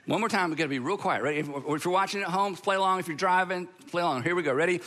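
A man with a high, bright voice delivers a sermon in a large hall. He is emphatic, lingers on slow, weighty pauses, then speeds up in lively bursts. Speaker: pastor.

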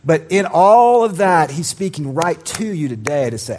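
A man preaching a sermon as pastor, telling a personal story with lively acted quotes and sudden drops to a quiet voice. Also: on the high side, normal speed, few pauses, a little hiss or hum. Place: church.

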